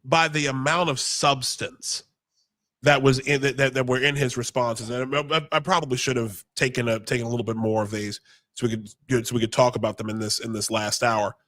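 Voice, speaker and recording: A man's voice: medium pitch, steady tone, brisk, a bit bright, dry recording. Hesitant man with a dry, close sound. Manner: hesitant, restarts sentences often. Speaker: podcast co-host. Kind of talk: casual political talk.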